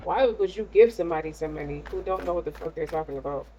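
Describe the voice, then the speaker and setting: A woman's voice: on the low side, quick pace, dark tone, slight background noise, lightly acted, poor audio. A woman voicing an exasperated older male investor who scolds over lost money.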